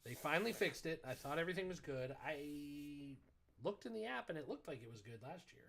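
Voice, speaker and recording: A man's voice: on the high side, a little fast, gravelly. A man co-hosting a podcast, telling a story in a casual, exasperated rant full of profanity. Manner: animated, exasperated ranting with profanity. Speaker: podcast co-host.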